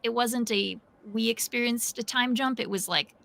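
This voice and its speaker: A woman's voice: fairly high pitch, normal speed, vocal fry, a bit bright. A woman playing in a tabletop game, explaining things eagerly in rambling, restarting sentences. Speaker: player. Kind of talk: casual tabletop game chat.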